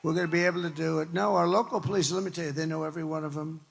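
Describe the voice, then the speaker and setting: A man's voice: fairly high pitch, steady tone, racing, vocal fry, breathy edge. An older man from the New York area giving a campaign rally speech to a crowd in a large hall. He talks in a rambling, conversational way, repeating himself for emphasis. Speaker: political speaker. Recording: long reverb of a big hall.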